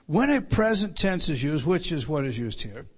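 A man's voice: fairly high pitch, big pitch swings, normal speed, breathy edge. A man giving an evening Bible teaching. He works through verses and stresses each quoted line, often repeating a word as he starts a sentence.

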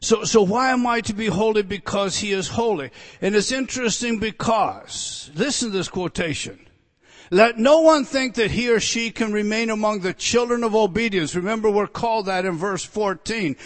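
A male preacher delivering an expository sermon in a fairly high, ringing voice. He speaks straight to his listeners with rhetorical questions. He swings between loud, emphatic declarations and hushed, intense near-whispers. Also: animated, normal speed, in a large hall.

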